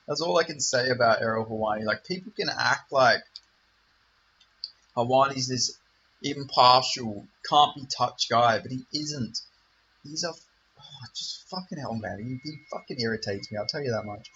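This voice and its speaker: A man hosting his own channel rants to camera with heavy swearing and rambling asides, his medium-pitched voice unhurried, bright and forceful. The recording is dull and lo-fi, with slight background noise.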